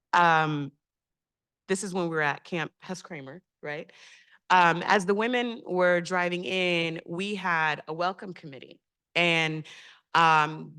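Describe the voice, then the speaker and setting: A woman's voice: fairly low pitch, pushed and bright, smooth. A woman speaking on a community panel, telling a personal story in a heartfelt, reflective way with frequent hesitations.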